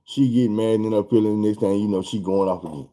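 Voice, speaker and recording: A man telling a story in a casual vlog, animated and profane. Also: lowish voice, fast.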